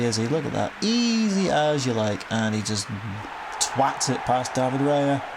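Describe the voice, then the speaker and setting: A young man talks over his football game in a casual, wry way, sighing at goals and swearing now and then. His voice is gravelly with fry at the ends of phrases. There is clear noise behind him throughout the recording. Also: medium pitch. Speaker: gaming commentator.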